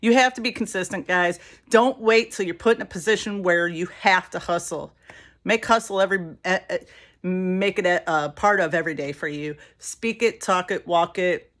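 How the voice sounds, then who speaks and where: A woman's voice: on the low side, moderate pace, a bit bright. Middle-aged woman, casual talker, coaches her sales team while she gets ready, acts out the people in her anecdotes. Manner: chatty storytelling, acts out quoted voices. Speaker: direct sales team leader. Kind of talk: casual vlog advice while doing makeup.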